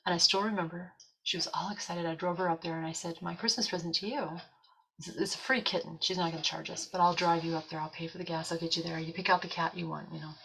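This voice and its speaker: A woman's voice: on the low side, quick pace, gravelly, a little hiss or hum, rough recording. A woman in casual chat, telling a story and acting out the voices of people in it. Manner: animated storyteller, acts out quoted voices.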